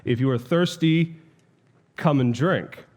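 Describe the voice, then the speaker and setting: A lecturer reads a calm, commanding male lion from a storybook. He speaks slowly and gravely, at a middling pitch, and each line sounds weighty.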